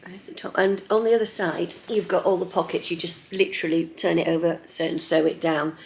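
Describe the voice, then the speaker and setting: A chatty middle-aged woman hosting her own sewing vlog, her voice low and gravelly with plenty of fry. She talks in a lively, friendly flow and slips now and then into a soft near-whisper. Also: brisk. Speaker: sewing vlogger.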